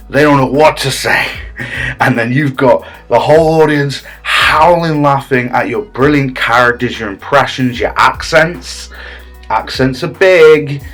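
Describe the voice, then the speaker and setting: A man's voice: mid-range voice, fairly bright tone, breathy edge. A man delivering a comedy monologue as a smug, self-important improv teacher, rambling with many fillers and restarts.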